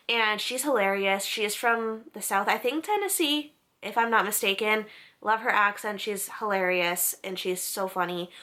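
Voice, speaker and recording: A woman's voice: medium pitch, bright, forceful tone. A young woman casually talking through book channels she recommends, in a chatty, upbeat way. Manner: chatty, upbeat, unsure of name pronunciations. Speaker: book vlogger.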